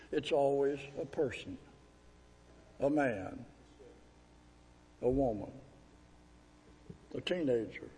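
A man preaching a sermon as pastor, pleading and emphatic, drawing out scripture verses slowly. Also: on the high side, a little mellow, slightly rough. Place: church sanctuary. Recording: echoey hall with long reverb.

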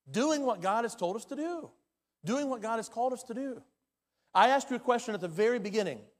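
A man preaching a sermon as pastor, his delivery swinging from loud and urgent to hushed and quiet. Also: high-pitched, lively intonation, fast talker. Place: church sanctuary. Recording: long hall reverb.

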